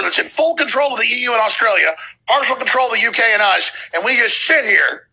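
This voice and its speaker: A man's voice: sits high, creaky, bright, forceful tone, husky, rough recording. A man hosting a podcast, ranting with heated sarcasm between played clips. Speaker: podcast host. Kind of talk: ranting commentary over clips.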